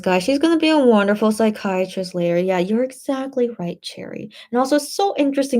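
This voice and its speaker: A woman's voice: mid-range voice, lively intonation, moderate pace, mellow. A woman hosting a late-night livestream, reading viewer comments aloud and chatting back in a rambling way, full of fillers and restarts, sounding tired and a little tipsy. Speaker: livestream host reading chat.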